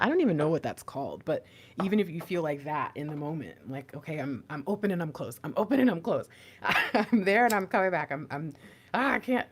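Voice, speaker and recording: A young woman giving an intuitive tarot reading, rambling and excitable, often trailing off and laughing. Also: low-pitched. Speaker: tarot reader.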